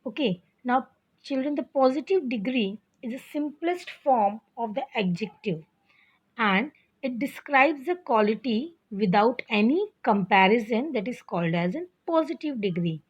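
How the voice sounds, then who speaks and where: A woman teacher giving a slow, patient grammar lesson to children, often calling them "children" and checking that they understand. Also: fairly high pitch, lively intonation, husky. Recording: dull lo-fi recording.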